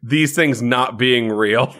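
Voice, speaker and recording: A man's voice: mid-range voice, slow, a crowd in the background. A man co-hosting a comedy podcast, trading sarcastic wisecracks in casual banter. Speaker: podcast co-host.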